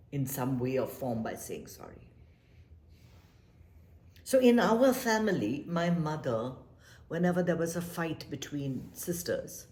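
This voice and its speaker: In an echoey room, a deep-voiced woman gives life advice in a casual, reflective talk. She's animated and emphatic, repeating her points and dropping to a soft whisper for emphasis.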